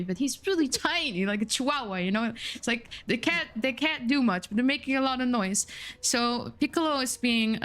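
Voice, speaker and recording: A woman runs a tabletop game, describing the scene in a chatty, descriptive way. She talks at a mid pitch and often pauses with fillers, while faint music plays underneath. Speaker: game master.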